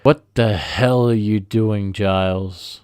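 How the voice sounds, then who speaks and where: A harsh, irritable restaurant manager barks at a worker in a low, dark voice, berating him with no patience at all, played by a man. The sound is close and dry, with no room around it. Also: normal speed, no echo, lightly acted. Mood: angry. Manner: berating, impatient.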